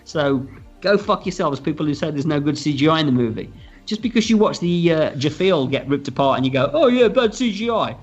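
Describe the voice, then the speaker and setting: A film director telling stories from the set in a casual, animated interview, acting out quotes and swearing freely. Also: male voice, fairly high pitch, fairly quick. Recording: slightly dull audio with faint music.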